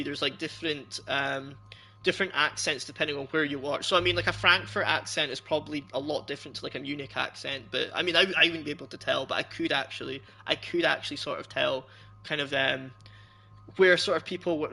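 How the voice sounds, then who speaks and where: Young Scottish streamer, fairly high, gravelly voice, loose rambling chat to viewers. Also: male voice, sharp tone. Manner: rambling, loose and laughing often, chatting to viewers. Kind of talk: casual chat while streaming a game.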